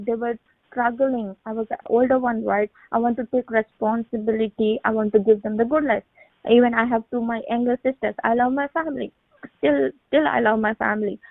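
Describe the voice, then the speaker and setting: A woman around thirty giving a halting personal faith testimony on a phone call, with many restarts and repeated words. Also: on the high side, no echo. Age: late 20s to 30. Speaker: testimony speaker on a prayer line. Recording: tinny phone line, dry.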